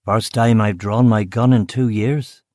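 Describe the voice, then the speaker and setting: A man's voice: on the low side, fairly even intonation, a little slow, mellow, dry recording, clean studio sound, close to an everyday voice. A man voicing a blunt, wry police officer who talks plainly and teases his partner. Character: gruff male police constable, blunt, teasing.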